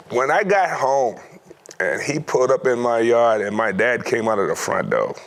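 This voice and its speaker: A middle-aged former pro football player telling stories from his youth in a lively way, laughing often. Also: mid-range voice, moderate pace. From United States. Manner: animated storyteller, acts out quoted voices, laughs often. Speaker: former NFL player, guest. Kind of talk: storytelling interview.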